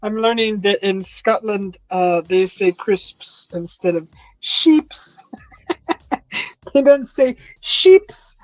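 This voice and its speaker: A woman's voice: medium pitch, takes it slowly, no room sound, rough recording. A woman hosting a casual live chat from her home kitchen, chatty and teasing, laughing often as she reads viewer comments. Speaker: host of a live chat stream.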